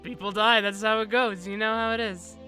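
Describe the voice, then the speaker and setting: A woman's voice: mid-range voice, fairly even intonation, fairly quick, sharp tone, faint music behind, lightly acted. A woman voicing an offhand man who shrugs off death, breezy and dismissive. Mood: nonchalant.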